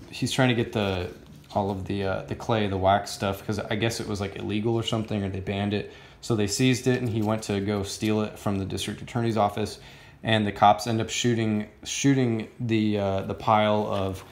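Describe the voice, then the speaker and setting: A man's voice: on the low side, roomy sound. A man giving a casual comic book review, rambling and filling his talk with "um" and "like". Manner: rambling, many fillers like "um" and "like".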